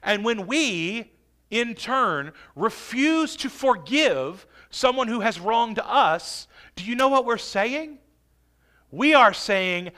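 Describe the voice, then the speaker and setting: A man preaching a sermon with emphatic delivery, stretching and swelling key phrases and dropping to a hush. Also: very high-pitched, expressive, slow pace. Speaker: pastor.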